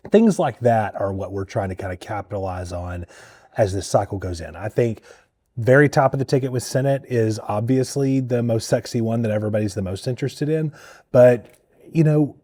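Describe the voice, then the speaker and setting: A man serving as a state party chair, talking candidly and bluntly in a political interview, with a husky voice. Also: fairly low pitch, dark tone, dry recording, studio quality. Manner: candid, blunt, mildly profane.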